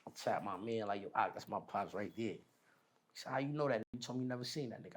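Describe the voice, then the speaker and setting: A man telling a long personal story in casual, slangy street talk, animated as he retells it. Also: fairly low pitch, fast talker. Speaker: podcast guest.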